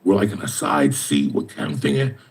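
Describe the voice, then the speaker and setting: Gravelly-voiced streetwise man. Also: rumbling low, sing-song, moderate pace. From New Jersey. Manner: streetwise, swears constantly, tells stories with mimicked dialogue. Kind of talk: profane casual storytelling.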